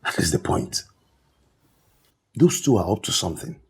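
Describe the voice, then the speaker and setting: A man's voice: sits low, very animated, moderate pace, slightly rough, full character voice. An actor with a Nigerian accent playing a scheming man gossiping about where relatives got their money. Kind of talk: Nollywood film acting.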